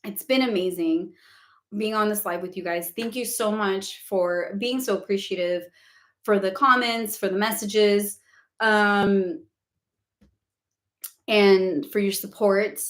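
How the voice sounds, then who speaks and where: A woman hosting a long spiritual question-and-answer live stream. She talks casually and says "like" often, her voice is going hoarse from hours of talking, and she laughs easily. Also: medium pitch, steady tone, slow pace, pauses often, reverberant.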